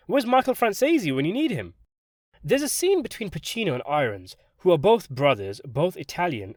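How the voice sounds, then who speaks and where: A man delivering a scripted film review in a sardonic, animated way. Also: a little high, no echo, studio quality. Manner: sardonic, animated delivery with sudden jumps for emphasis. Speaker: film critic.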